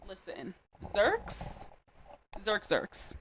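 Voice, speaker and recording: A young adult woman hosts a podcast, retelling a Bible story in a casual, animated, slang-filled style with joking asides. Her voice is medium in pitch and her pace is moderate.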